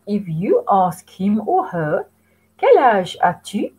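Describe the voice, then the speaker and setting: Slow, lively-voiced woman teaching children. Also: medium pitch, slightly rough, low-quality recording. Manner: slow, patient, sing-song prompting for repetition. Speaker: French teacher. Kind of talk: children's language lesson.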